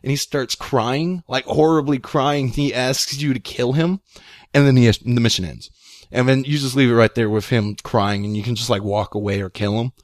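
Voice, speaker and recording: A young man telling a long story in casual chat, rambling and excitable, with many fillers. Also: mid-range voice, normal speed, no echo, studio quality. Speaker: guest storyteller.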